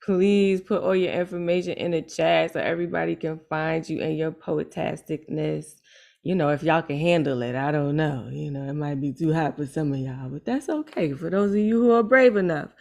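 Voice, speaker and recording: A woman's voice: deep voice, moderate pace, vocal fry, a little mellow. An American woman hosting an online open mic, upbeat and playful, with casual slang.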